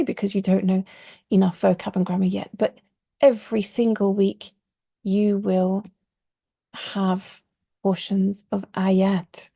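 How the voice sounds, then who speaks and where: Husky, gravelly woman teaching a class. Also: medium pitch, warm tone, no echo, studio quality. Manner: earnest, explains with stressed key words; religious phrases woven into teaching. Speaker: Arabic teacher. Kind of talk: online course lesson.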